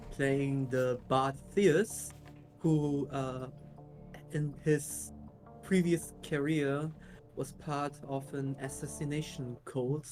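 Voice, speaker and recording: A German-native man introducing himself as a player in a measured, deadpan way. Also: mid-range voice. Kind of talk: casual chat.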